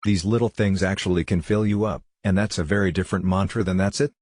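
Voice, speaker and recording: A low, husky-voiced man shares anecdotes as an interview guest, relaxed and gently self-mocking. He talks over a video call from a room at home, and his voice comes through dry and close. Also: quick pace, no echo. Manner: wry, self-deprecating anecdotal delivery. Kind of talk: relaxed storytelling in a conversational interview.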